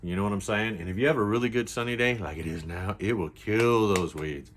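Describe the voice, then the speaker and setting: A man's voice: on the low side, brisk, a little hiss or hum. An older man talking casually to his viewers, blunt and chatty, often checking that they follow along. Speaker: preparedness vlogger. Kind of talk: casual to-camera talk.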